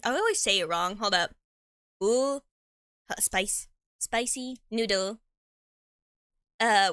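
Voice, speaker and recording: A young woman streamer rambling casually as she eats, tripping over words and tossing in slang. Her voice is bright and a little high. The sound is dry and close, with no room around it. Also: no room sound. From Mexican heritage. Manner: chatty and rambling, stumbles over words, slangy, laughs often, talks with mouth full. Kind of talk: casual chat while eating.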